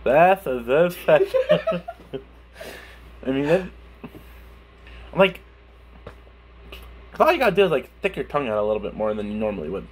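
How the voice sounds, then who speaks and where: A man's voice: fairly high pitch, wildly swooping pitch, normal speed, long pauses, slight background noise. A young man chatting casually on his vlog, speaking with a lisp from a burned tongue, laughing and swearing as he stumbles over words. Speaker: YouTuber.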